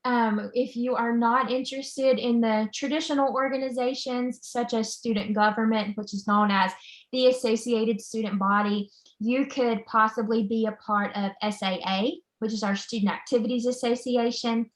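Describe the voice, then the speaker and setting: A woman's voice: fairly high pitch, steady tone, normal speed. A woman who works as a college admissions counselor, giving an upbeat, enthusiastic presentation over a video call with the odd "um" along the way. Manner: upbeat and enthusiastic, with frequent "um" fillers. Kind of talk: informational presentation. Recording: echoey room.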